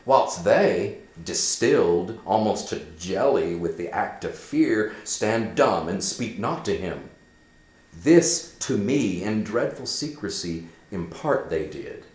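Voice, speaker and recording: Man reading a loyal earnest young friend, careful and halting, lively pitch, echoey. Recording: echoey room.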